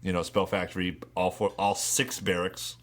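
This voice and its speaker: A man's voice: deep voice, flat delivery, moderate pace, a bit bright. A man co-hosting a casual gaming podcast, rambling and laughing often, and swearing freely as he talks. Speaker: podcast co-host.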